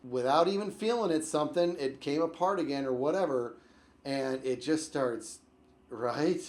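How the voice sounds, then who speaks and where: Young man, slightly high voice, animated storytelling, loud bursts and low mutters, rambling. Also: moderate pace. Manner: rambling, full of likes and restarts. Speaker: YouTube storyteller.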